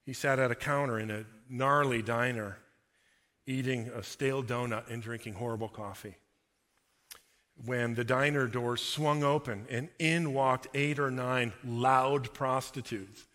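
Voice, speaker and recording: A man delivers a sermon in a bright, clear voice. He tells a story with animated delivery and leads a prayer. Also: mid-range voice, long reverb tail. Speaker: pastor.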